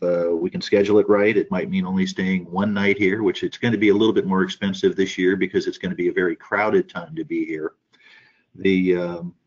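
A low-pitched man briefing colleagues over a conference call. He speaks haltingly, filling pauses with "uh" and restarting phrases. The audio is muffled and dull. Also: a little mellow. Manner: halting, many fillers and restarts. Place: office in Washington.

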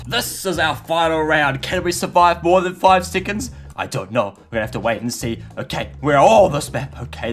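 A young man giving excitable, goofy gameplay commentary as a channel host, yelping and shouting at sudden moments. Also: fairly high pitch. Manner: goofy self-mocking banter.

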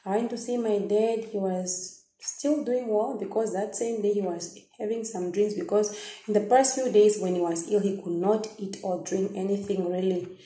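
A young woman with a Namibian accent talks straight to her viewers, stopping and restarting as emotion catches her. Her tone is mellow and warm rather than bright. The room around her rings with noticeable echo. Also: medium pitch, steady tone. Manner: emotional, halting, many restarts and fillers. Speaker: vlogger. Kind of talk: personal storytelling to viewers. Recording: echoey room.

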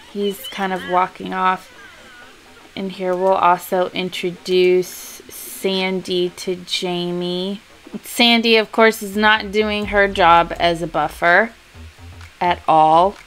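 A woman giving casual, chatty gameplay commentary, giggly and unhurried. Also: lowish voice, steady tone, a bit bright, poor audio. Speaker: let's-play host.

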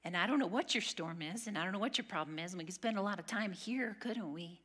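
A woman teaching a women's Bible study, earnest and emphatic, sometimes dropping to a hush. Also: mid-range voice, quick pace, breathy edge. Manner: earnest, emphatic, drops to a hush on key lines.

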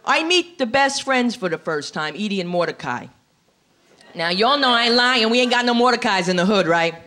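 A woman's voice: on the high side, expressive, moderate pace, bright, forceful tone, a little hiss or hum. A middle-aged woman from New York performing a stand-up comedy set on a club stage, with a brassy delivery that keeps slipping into put-on character voices. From New York City.

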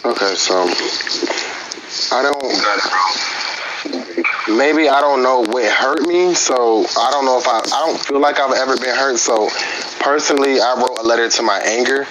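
On a live-stream group session, a man talks casually into his phone and reads a personal letter aloud, halting and hesitant, with lots of fillers and restarts. His pitch is middling, and a clear hiss runs beneath the audio.

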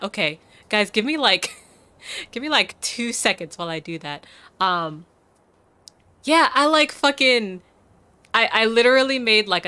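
A woman's voice: mid-range voice, pushed and bright, clear, resonant tone. Chatty young woman streamer. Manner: rambling, laughing, lots of "like" and "um". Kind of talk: casual live game stream chat.

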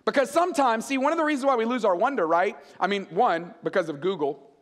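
Pastor man in his 40s, very high voice, lively joking sermon, long church-hall reverb. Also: fast. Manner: animated, joking storyteller.

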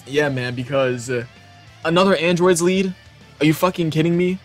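Excitable young man with a high voice. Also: normal speed, soft background music. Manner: excitable, profane, laughs often. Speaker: gaming channel host. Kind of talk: casual reaction commentary.

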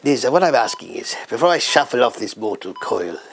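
A gravelly, grunting old prince on his deathbed, as a man puts him on, blunt and grumbling, his voice rolling up and down in a lively way. He mumbles through a sketch-comedy scene with a faint hiss behind him. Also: medium pitch, brisk. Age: older. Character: dying elderly prince consort, grumbling, blunt. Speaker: impression of a royal.

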